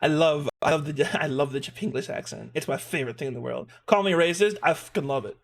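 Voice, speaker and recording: A man streaming live and chatting casually, animated, laughing often and swearing freely. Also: a little high, fast talker, creaky.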